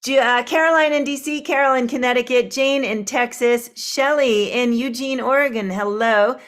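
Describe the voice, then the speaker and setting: A woman's voice: a little high, normal speed. Woman hosting an online sing-along. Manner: chatty, warm roll call with small asides. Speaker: host of an online group sing. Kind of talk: greeting participants by name on a video call. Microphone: video call.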